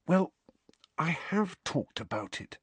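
A man's voice: medium pitch, big pitch swings, slow pace, a bit bright, breathy edge, no room sound, voice pushed up, heavily acted. A man voicing an awkward, flustered teenage boy. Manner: awkward, hesitant.

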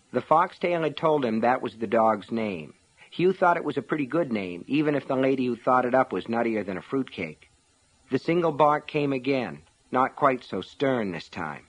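A man reading a novel aloud in a measured, dramatic narration style. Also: medium pitch, husky. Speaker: audiobook narrator. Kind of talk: scripted narration.

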